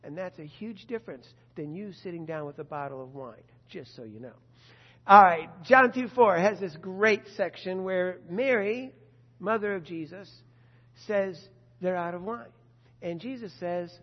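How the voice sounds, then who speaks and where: A man with a high voice delivers a sermon, earnest and conversational, turning to ask his listeners questions. The sound is dull and muffled, and a long hall echo trails his words. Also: unhurried. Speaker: preacher.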